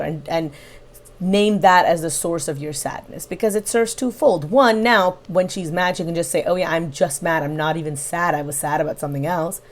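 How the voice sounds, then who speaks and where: A woman with a slightly low voice gives reaction commentary on a livestream. She builds her critique point by point in an analytical tone. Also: normal speed. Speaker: reaction channel host.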